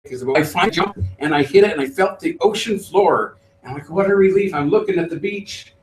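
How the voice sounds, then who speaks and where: A middle-aged man, a trainer, telling a lively story to a live group and acting out the voices. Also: sits high, fast, slight background noise. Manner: animated storyteller, acts out voices. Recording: roomy, distant mic.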